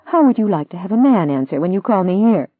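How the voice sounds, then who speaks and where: A reader voicing a young woman lawyer, heated and pleading, in a higher-pitched voice. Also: expressive, measured pace, no echo. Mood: hysterical. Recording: dry tinny phone-like sound.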